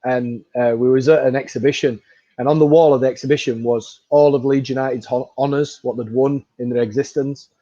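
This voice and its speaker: A man hosting a podcast, telling stories in an enthusiastic, relaxed chat. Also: mid-range voice, a little fast, no room sound. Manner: chatty storyteller, relaxed and enthusiastic. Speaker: podcast host. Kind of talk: casual chat. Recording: dry, dull lo-fi sound.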